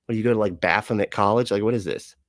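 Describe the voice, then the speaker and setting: Man, livestream host, low voice, dry close sound, sarcastic, laughs a lot, swears freely. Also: very fast, no echo. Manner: loose, rambling, swears freely. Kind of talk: casual livestream commentary.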